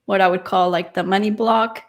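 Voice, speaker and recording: A woman's voice: medium pitch, steady tone, brisk. Chatty woman hosting a live talk show. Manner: chatty and effusive. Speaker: host.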